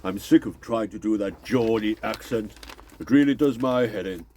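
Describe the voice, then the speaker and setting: A man playing himself as if his local accent were fake, speaking in a deadpan manner. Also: fairly low pitch, moderate pace, voice pushed down, lightly acted. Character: man joking he drops his put-on accent.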